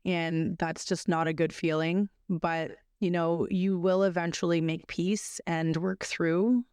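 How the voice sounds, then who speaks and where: A woman in her thirties telling a personal story as a podcast guest, earnest, with many restarts, and lively when she quotes other people. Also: fairly low pitch, slow, clear, resonant tone, dry recording, clean studio sound.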